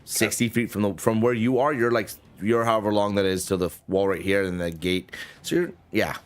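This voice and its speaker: A man's voice: on the low side, steady tone, a little fast. A man narrating as game master of a tabletop game, casual and rambling, often restarting mid-sentence and swearing.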